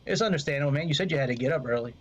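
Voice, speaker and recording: A man's voice: on the high side, lively intonation, racing, breathy edge. A man streaming a flight sim, rambling and swearing freely as he talks to his chat. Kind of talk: casual gameplay commentary.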